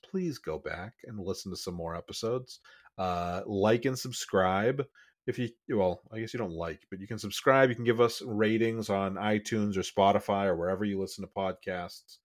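A man with a lowish voice co-hosting a casual podcast. He rambles, restarts sentences and rushes in quick bursts. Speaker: podcast co-host.

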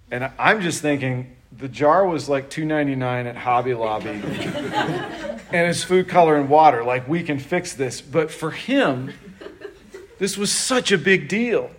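A middle-aged man preaching a sermon in a conversational way, joking with the congregation and acting out quotes. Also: medium pitch. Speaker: pastor.

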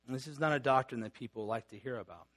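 A man's voice: mid-range voice, fast talker, fairly bright tone. A middle-aged man, a pastor, preaching a sermon in a conversational teaching manner, reading scripture and creeds aloud with fillers and restarts.

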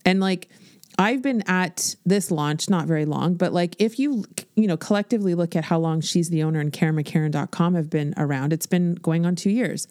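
A woman in her forties hosting a podcast as a business coach, talking in a blunt, animated, swear-filled motivational style. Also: on the low side, normal speed, no room sound, studio quality. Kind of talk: casual motivational podcast monologue.

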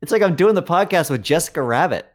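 Male podcast co-host, teasing and quick to laugh, animated melody. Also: a little high. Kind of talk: casual podcast chat.

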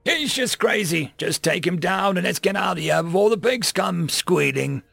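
A man voicing a coarse young male mugger who talks in a rough, threatening way. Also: high voice, lively intonation, normal speed, bright, forceful tone, dry recording, voice pushed up, heavily acted. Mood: menacing.

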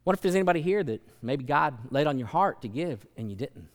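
A man preaching a sermon as pastor, building to loud emphatic peaks and acting out quoted voices. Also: a little high, lively intonation, fairly quick. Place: large church sanctuary. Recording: long church hall reverb.

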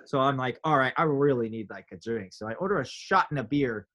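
A man telling a story in casual chat, animated, acting out his own quotes with big jumps in pitch. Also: a little fast.

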